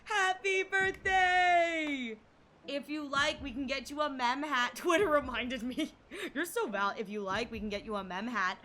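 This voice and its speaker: A woman's voice: high voice, normal speed, bright, forceful tone. A young woman streamer chatting casually to her viewers, giggly and rambling. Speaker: game streamer. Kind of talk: casual live-stream chat.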